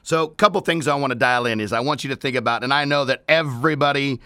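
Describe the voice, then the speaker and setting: Man, radio host, scratchy strained voice, bright and forceful, dry close sound, playful. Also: mid-range voice, fast, dry recording. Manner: playful, rhymes and jokes, restarts. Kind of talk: energetic radio talk.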